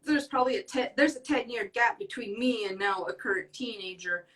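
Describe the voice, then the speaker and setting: A woman's voice: a little high, fairly quick, fairly bright tone, far from the mic, low-quality recording. A young woman speaking earnestly as a podcast guest in casual talk, rambling with many fillers. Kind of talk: casual conversation.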